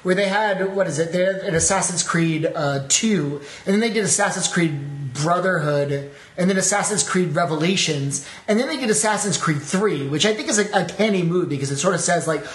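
A man co-hosting a casual podcast, chatty and telling stories with halting restarts. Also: high voice, roomy sound. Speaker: podcast co-host. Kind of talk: casual discussion.

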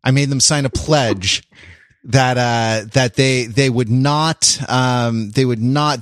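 A man's voice: medium pitch, expressive, unhurried, a bit bright, no room sound, clean studio sound. A man hosting a podcast in casual chat, rambling with many fillers and restarts. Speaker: podcast host.

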